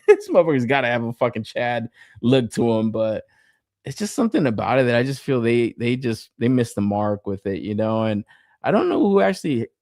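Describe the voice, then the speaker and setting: A man's voice: medium pitch, dry recording, clean studio sound. A man co-hosting a toy collecting podcast, chatting casually and swearing constantly as he reviews an action figure. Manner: profane, animated, laughs often. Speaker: podcast co-host.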